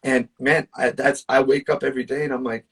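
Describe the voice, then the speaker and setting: Sitting far from the mic, a male musician guest shares personal stories in a casual conversation. His mid-range voice is husky and brisk with a flat delivery, though what he says comes across earnest and emphatic, sprinkled with fillers.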